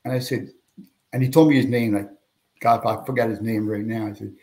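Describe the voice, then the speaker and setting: An older man from Pennsylvania, a guest telling lively anecdotes in an interview and raising his voice for quoted people. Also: medium pitch, quick pace. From Pennsylvania, USA. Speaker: guest, veteran and retired police officer. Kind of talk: storytelling in a podcast interview.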